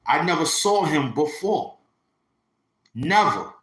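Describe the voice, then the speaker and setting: A man's voice: a little high, very animated, slow pace, a bit bright, reverberant. A man, telling a personal story in a rambling, slangy way that keeps circling back. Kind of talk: casual storytelling.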